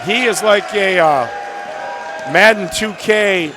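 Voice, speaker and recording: A man giving joking color commentary at a high school basketball game, tossing out playful wisecracks and banter between calls. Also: takes it slowly, over music. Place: school gymnasium. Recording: cheering gym crowd and noise behind.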